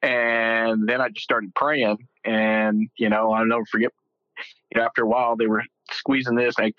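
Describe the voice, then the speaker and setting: A man's voice: lowish voice, little pitch movement, moderate pace, no echo, dull audio. A middle-aged man from Texas, a guest telling his story casually, rambling with fillers and joking.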